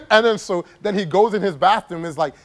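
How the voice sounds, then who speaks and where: Talking at a moderate pace in a high voice, a man shares a personal story on camera as a travel vlogger. His telling wanders, he laughs along the way, and "like" comes up again and again.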